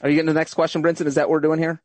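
A man's voice: fairly high pitch, little pitch movement, rapid-fire, darkish tone, dry recording. A man co-hosting a podcast, teasing his colleagues in casual banter. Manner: wry, teasing. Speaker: podcast co-host.

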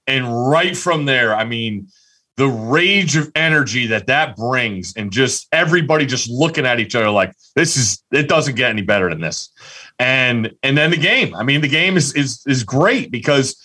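A man co-hosting a casual sports podcast, telling a story excitedly with lots of restarts. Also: medium pitch, normal speed. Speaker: podcast co-host.

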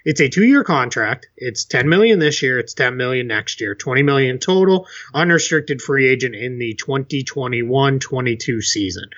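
A man's voice: medium pitch, a bit bright. A male podcast co-host in casual chat who walks listeners through contract details step by step. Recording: dull lo-fi sound.

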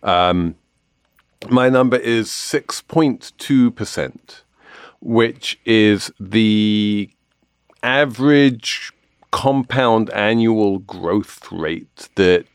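A man's voice: lowish voice, very slow, smooth, no room sound, clean studio sound. A man hosting a podcast in casual chat, explaining things with confident asides. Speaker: podcast host.

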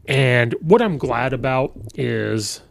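A man talks through a movie review in a loose, rambling way, leaning on fillers and restarting his sentences. His voice has a gravelly edge at mid pitch, and the recording is dry and close with no room sound. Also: expressive, takes it slowly, no echo. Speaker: podcast host. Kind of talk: casual movie review monologue.

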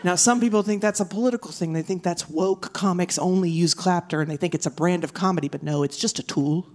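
A woman doing a stand-up comedy set on a theater stage, animated and ranting. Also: on the low side, fast. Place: theater stage with live audience. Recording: live theater with crowd noise.

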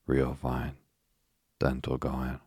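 A man voicing an earnest little boy who speaks quietly and soberly. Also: a bass voice, monotone, slow, husky, dry recording, studio quality, heavily acted.

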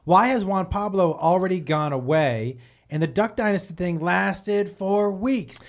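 A man co-hosting a podcast, joking and teasing with quick interjections. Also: high-pitched. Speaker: podcast co-host. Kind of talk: casual banter.

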